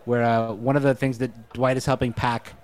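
A man co-hosts a casual podcast chat in a medium-pitched voice. He talks in a playful, jokey way, tossing in quips. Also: level tone, normal speed, a little mellow, a little hiss or hum. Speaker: podcast co-host.

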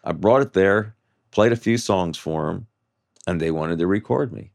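A man in his seventies telling his life story in an interview, halting and full of restarts and "you know" fillers. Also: low voice, creaky, darkish tone. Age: 70s.

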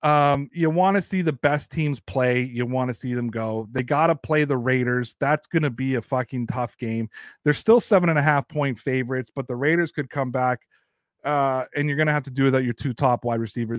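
A man's voice: medium pitch, brisk, no echo, studio quality. A Canadian man hosting a casual sports talk show, blunt, profane and opinionated. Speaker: sports podcast host.

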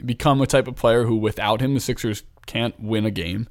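A man's voice: mid-range voice, fairly quick. A man from Philadelphia hosting a casual basketball talk show, chatty and rambling as he thinks aloud. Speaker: basketball podcast host.

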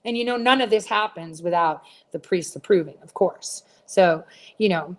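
Middle-aged woman host, low-pitched, blunt and profane, rambling casual rant to her audience. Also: normal speed. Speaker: livestream host answering viewers.

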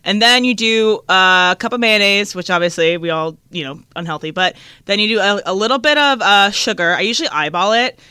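A woman's voice: medium pitch, a little fast, bright, forceful tone, smooth, no echo. A woman in her twenties co-hosting a radio talk show, chatting and telling stories with a giggle. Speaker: show co-host. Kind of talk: casual chat.

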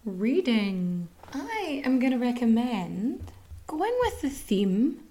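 This is an Irish woman hosting her own podcast from home, chatting loosely and swearing now and then. Her voice sits a bit high but sounds mellow and warm, and she wanders off into little asides. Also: sing-song, slow pace. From Ireland. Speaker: podcast host. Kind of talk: casual podcast chat. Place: home room with a cat.

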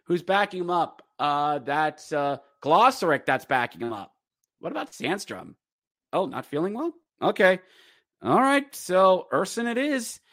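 A man hosting a podcast, giving a rambling, animated casual recap of a hockey game. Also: high voice, a little slow, dry recording, clean studio sound. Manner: rambling and animated, breaks into acted quotes. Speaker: podcast host.

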